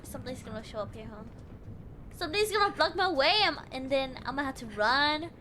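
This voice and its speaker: Young woman game streamer, very high voice, lively, jumpy and swears a lot. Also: brisk, a little hiss or hum. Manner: jumpy, shrieks and giggles when scared; swears freely. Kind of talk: live gameplay commentary.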